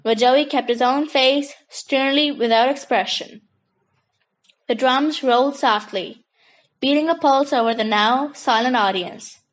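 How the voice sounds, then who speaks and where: Lady reading a kids' chapter book, steady, high voice. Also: measured pace, low-quality recording. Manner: steady storytelling. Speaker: audiobook narrator. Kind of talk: scripted children's book narration.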